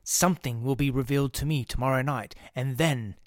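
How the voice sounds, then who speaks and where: A man reading the part of an obsessed male church organist, speaking in a hushed, urgent way that turns pettish. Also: medium pitch, brisk, no echo, studio quality, natural voice. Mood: awed hushed.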